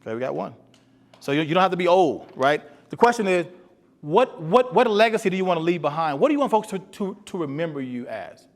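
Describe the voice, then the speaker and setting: A man's voice: high voice, animated, a little fast. Earnest man speaking to boys in a hall. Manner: earnest, repeats himself, asks the audience questions. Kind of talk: motivational talk. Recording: long hall reverb.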